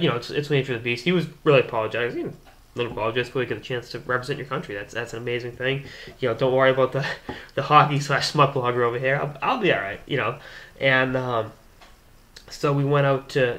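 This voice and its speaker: Bright-voiced young man telling a story. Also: mid-range voice. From Boston area. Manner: rambling, animated anecdote-telling with restarts. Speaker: hockey blogger and show host. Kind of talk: casual storytelling to camera.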